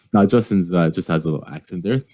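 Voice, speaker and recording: A man from Canada co-hosting a casual podcast, easygoing and quick to laugh. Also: deep voice, darkish tone. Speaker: podcast co-host. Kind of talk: casual chat.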